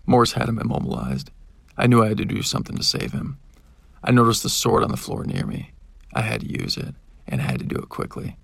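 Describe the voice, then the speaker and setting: A man with a gravelly, husky voice reads a first-person audiobook. His pitch moves a lot as he acts out each character, and the sound is dry and close to the mic. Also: no room sound. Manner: dramatic, shouting in the characters' outbursts. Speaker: audiobook narrator.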